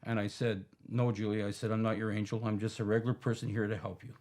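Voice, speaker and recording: A man's voice: fairly low pitch, little pitch movement, fast, darkish tone. A man, a bystander who vividly retells an attack and quotes what each person said. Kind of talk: recounting a story in an interview.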